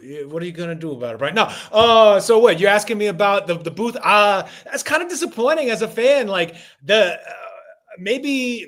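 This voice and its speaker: A man's voice: high-pitched, fairly bright tone. A man co-hosting a boxing podcast over a call, joking and rambling through his opinions. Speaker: podcast co-host. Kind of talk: casual boxing podcast chat. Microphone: remote call.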